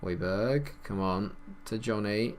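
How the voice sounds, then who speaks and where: A man's voice: fairly low pitch, slow, slight background noise. Chatty man commentating a football game. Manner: chatty, mock play-by-play, excited by goals. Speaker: gaming YouTuber. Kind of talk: casual gameplay commentary.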